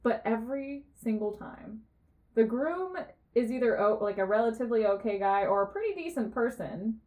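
A young woman co-hosting a podcast, telling a story in a casual, animated way, full of "like" and laughter. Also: fairly high pitch, normal speed. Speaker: podcast co-host. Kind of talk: casual chat.

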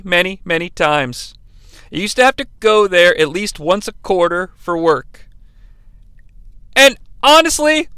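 Bright, crisp-voiced sarcastic man. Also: high-pitched, no room sound. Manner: sarcastic, profane, wry asides. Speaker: host reviewing wrestling matches. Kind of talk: comedic play-by-play commentary.

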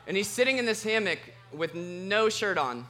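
A man preaching a sermon as pastor, telling a personal story in an animated, self-mocking way. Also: sits high, moderate pace.

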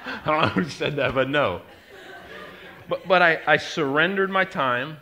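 A middle-aged man, preaching a sermon and telling a story, moving from quiet, confiding asides to loud, driving emphasis. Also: a little high, unhurried, slight background noise. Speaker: pastor.

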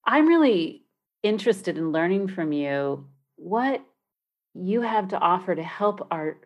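A woman's voice: on the low side, sing-song, a little slow, lo-fi sound. A woman hosting an interview, riffing loosely and asking novice questions. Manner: loose, riffing, self-deprecating. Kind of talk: casual interview.

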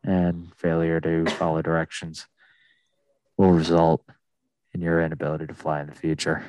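A man imitating a calm airline captain making a slow, soothing cabin announcement. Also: a bass voice, clean tone, no echo, voice pushed down. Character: smooth, calm male airline captain on the intercom.

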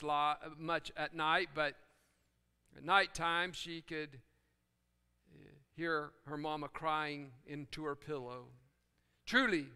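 A male pastor telling a family story in a sermon, with dramatic pauses and sudden drops to a hush. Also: a little high, smooth. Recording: long church-hall reverb.

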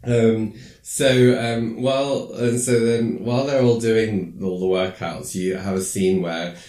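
A man casually recapping a film, rambling with lots of fillers and acting out lines in squeaky voices. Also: fairly even intonation, takes it slowly, darkish tone, reverberant. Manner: rambling, filler-heavy storytelling; acts out quoted lines in high squeaky voices. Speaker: podcast co-host recapping a film. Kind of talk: casual chat.

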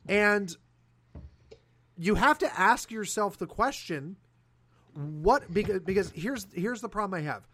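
A man hosting a political talk show, talking in an animated, sarcastic way with fillers and restarts. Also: high voice, a little slow, long pauses. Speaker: podcast host.

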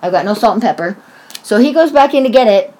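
A woman's voice: on the high side, quick pace. A woman in her forties telling a story in casual chat, swearing often and acting out what people said. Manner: animated, swears often, acts out quoted voices.

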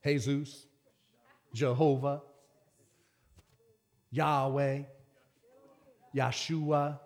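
A man preaching a lively sermon as pastor, swinging from loud bursts to hushed whispers. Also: medium pitch, very slow.

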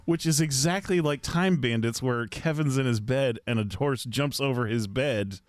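A man's voice: mid-range voice, moderate pace, dry recording. A man co-hosting a casual movie commentary, dropping dry wisecracks. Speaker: podcast co-host.

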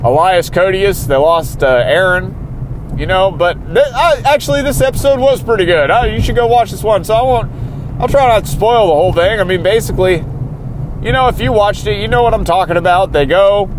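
A man's voice: high-pitched, fairly quick, noisy background. A man hosting a podcast, recapping a TV episode in a casual, rambling way from inside a car while driving. He keeps talking himself into getting worked up. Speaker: podcast host.

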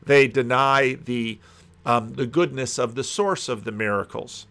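A man's voice: mid-range voice, a little slow, a bit bright. A man teaching through a Bible passage in a conversational video commentary, musing aloud and landing emphatic punches.

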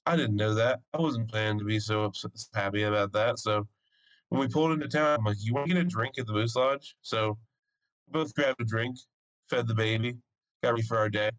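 On lo-fi sound, a young man co-hosting a podcast tells a story fairly quickly in a lowish voice. The casual chat is animated, with frequent swearing and laughter.

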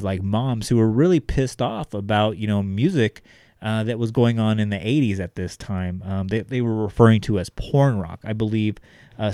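Laid-back low-voiced male podcast host. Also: warm tone, dry recording, studio quality. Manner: loose, profane, repeats "guys" and "like". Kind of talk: casual podcast chat with ad read.

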